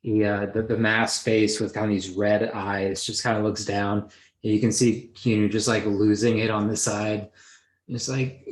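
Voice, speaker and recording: Brief: man as game master, mid-pitched, roomy echoing sound. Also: little pitch movement, a little slow. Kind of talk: narrating a tabletop game.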